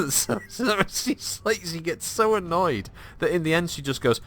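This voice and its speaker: Lively man telling a story. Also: on the high side, a little slow, slight background noise. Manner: animated storytelling, swears freely, laughs often. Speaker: gameplay streamer. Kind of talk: casual gaming commentary.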